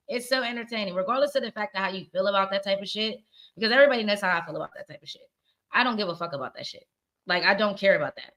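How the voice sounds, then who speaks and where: Candid, opinionated woman host, bright voice. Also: medium pitch. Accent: mixed Virginia and northern US. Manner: candid, opinionated, cursing freely. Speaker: podcast host. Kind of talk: casual pop culture commentary.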